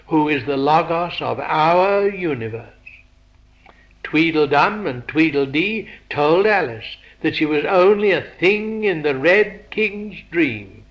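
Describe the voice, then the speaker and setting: A man giving a philosophical lecture, measured and posing rhetorical questions to his listeners. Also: a little high, highs cut off.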